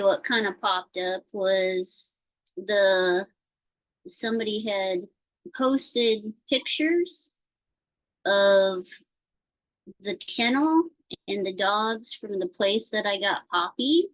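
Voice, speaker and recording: A woman chatting casually on a video call, telling a worried story in a rambling, halting way with many fillers. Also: mid-range voice, animated, low-quality recording. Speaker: participant sharing a concern.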